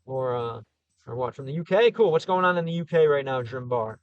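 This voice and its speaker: A man's voice: mid-range voice, animated, fairly quick, dry recording, muffled recording. A man casually chatting on a livestream as he answers viewer comments, thinking aloud with frequent restarts. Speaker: streamer answering live chat.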